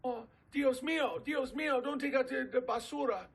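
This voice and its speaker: A man's voice: extremely high pitch, normal speed, creaky, slightly rough, pitched above the performer's own voice, exaggerated voice. A man voicing a timid, frightened little man in a cartoon, yelping in broken English and Spanish with a Mexican Spanish accent. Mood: panicked.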